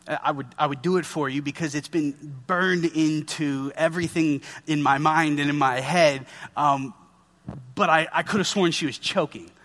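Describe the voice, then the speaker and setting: A man's voice: fairly high pitch, normal speed, a bit bright. A man in his thirties preaching a sermon in an earnest, conversational way, speaking to his listeners as guys. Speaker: pastor.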